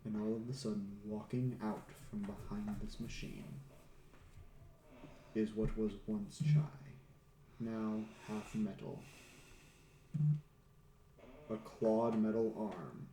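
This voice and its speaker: A man narrating as game master of a tabletop game, slow and dramatic with an ominous edge. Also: fairly low pitch, steady tone, warm tone, echoey room, a little hiss or hum.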